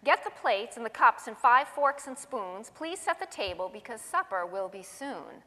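A woman voicing a frazzled mother who calls out high and loud, in a reverberant hall. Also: animated, moderate pace. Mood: pleading. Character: frazzled mother, shrill when cross.

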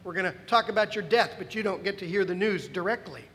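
A male pastor delivers a sermon in a high, bright-sitting voice, emphatic and animated, with wry asides to his listeners. His words ring out with a long reverb, as in a large church hall. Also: quick pace.

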